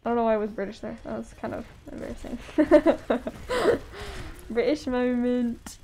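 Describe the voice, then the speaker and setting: A woman's voice: fairly high pitch, sing-song, normal speed, gravelly, dark tone, a little hiss or hum. A woman streaming a game live, chatting bubbly to her chat and laughing often. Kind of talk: live gameplay commentary.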